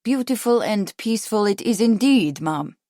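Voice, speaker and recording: A woman voicing a stiff, formal gentleman with a pronounced foreign accent. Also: high-pitched, animated, moderate pace, no echo, clean studio sound.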